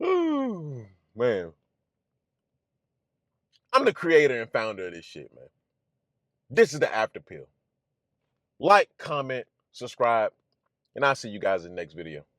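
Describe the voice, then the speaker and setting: A man's voice: mid-range voice, huge pitch swings, measured pace, pauses often, a bit bright, no echo, studio quality. A man hosting his own channel, delivering a blunt, profane, preachy rant that hammers the same lines over and over. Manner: emphatic, repetitive, preachy. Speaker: channel host. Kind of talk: ranting commentary monologue.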